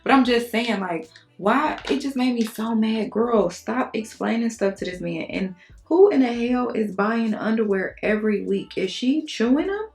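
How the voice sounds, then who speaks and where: A young adult woman chatting frankly to her viewers, telling animated stories and cussing casually. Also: a little high, a little slow, faint music behind. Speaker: beauty vlogger. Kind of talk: casual chat to camera.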